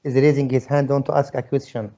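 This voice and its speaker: Dark-voiced man hosting an online class. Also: medium pitch, flat delivery, fast. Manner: polite, brief acknowledgements with hesitant fillers. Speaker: class host teacher. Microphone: video call. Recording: dull lo-fi video call audio.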